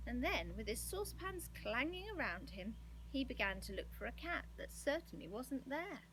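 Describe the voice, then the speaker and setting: A woman reading a children's storybook aloud with expressive, lively delivery. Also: high voice, moderate pace, few pauses, slight background noise, poor audio. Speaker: storybook reader.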